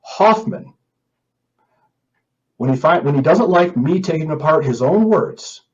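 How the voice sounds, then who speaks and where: A man's voice: on the high side, expressive, unhurried, darkish tone, muffled recording. A man hosting an opinion podcast, talking in an indignant, emphatic way and reading out comments. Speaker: podcast host.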